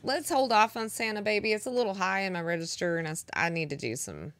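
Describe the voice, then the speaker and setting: A young woman streaming music, chatting with her viewers in a flat, deadpan, monotone way. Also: mid-range voice, fast. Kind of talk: casual chat with live chat.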